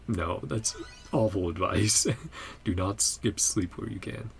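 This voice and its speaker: A man hosting a game reaction video, talking in low, rambling, emotional asides with sighs. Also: steady tone, slow, vocal fry, slight background noise. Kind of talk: casual game reaction commentary.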